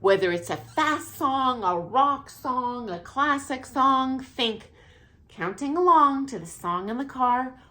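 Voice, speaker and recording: A middle-aged woman, a dance teacher, explaining music counts in a casual, friendly way, with a high, light voice and frequent laughs. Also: lively intonation, takes it slowly, pushed and bright. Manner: counts beats aloud, self-deprecating, laughs often. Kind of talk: casual instructional talk. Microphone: camera mic, filming herself.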